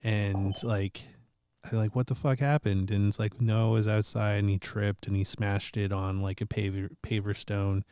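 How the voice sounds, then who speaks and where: A man's voice: fairly low pitch, moderate pace, clean tone, no room sound, studio quality. A man hosting a casual chat show, telling stories with lots of laughter and the odd curse. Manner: animated storyteller, swears, laughs often. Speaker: podcast host.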